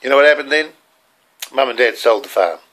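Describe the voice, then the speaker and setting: A man's voice: medium pitch, lively intonation, brisk, fairly bright tone. An older man with an Australian accent, telling rambling, earnest stories from his childhood. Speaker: storyteller. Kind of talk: personal childhood storytelling.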